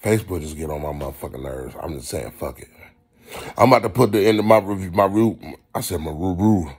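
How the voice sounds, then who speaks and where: A man rambling casually through a profane movie review, swinging into loud animated rants. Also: sits low, fast talker, breathy edge.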